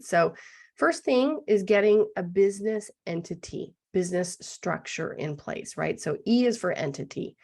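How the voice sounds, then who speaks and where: A middle-aged woman with a gruff, hoarse voice explaining business legal basics in an online masterclass, often checking in with "right?". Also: lowish voice. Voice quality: gravelly. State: gruff, throat-clearing voice. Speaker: business lawyer presenting a masterclass.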